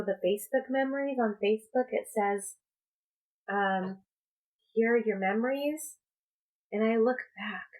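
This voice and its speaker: A woman speaking as a spiritual coach in a personal vlog, talking in a slow, halting, reflective way. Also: mid-range voice, rough recording. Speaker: spiritual coach and tarot reader.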